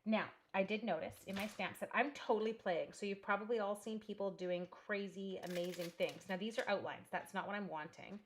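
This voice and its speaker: A woman's voice: medium pitch, fairly even intonation, fairly quick, few pauses, slight background noise. A chatty woman hosting a live crafting tutorial from a home craft room, thinking aloud and greeting viewers by name as she works. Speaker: crafting demonstrator.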